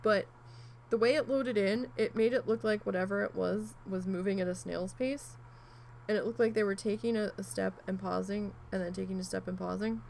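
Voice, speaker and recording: A woman with a gravelly, creaky voice at a middle pitch tells a long story in a loose, chatty way. She rambles with asides and swears now and then. A faint background noise sits under her. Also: normal speed, poor audio. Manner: rambling, chatty, animated retelling with frequent asides and mild swearing. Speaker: crafting vlogger. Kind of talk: casual storytelling while needle felting.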